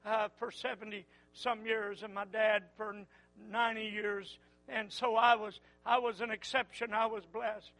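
Older man, preacher, very high voice, repeats phrases, quiet then rising to loud calls. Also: vocal fry, low-quality recording. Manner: repeats phrases, swings from low murmur to loud fervent calls. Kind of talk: sermon.

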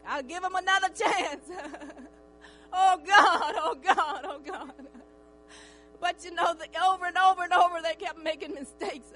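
Older woman testifying in church, high bright voice, slow and tearful, soft music and hum behind. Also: poor audio. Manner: fervent, tearful, often breaking into cries of praise. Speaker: church member giving testimony.

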